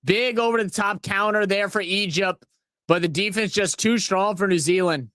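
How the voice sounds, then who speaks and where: New Orleans man, high-ish voice, rambling live commentary. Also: normal speed, no echo, studio quality. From New Orleans, USA. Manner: rambling, profane, excitable. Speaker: watch-along host. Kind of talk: casual live match commentary.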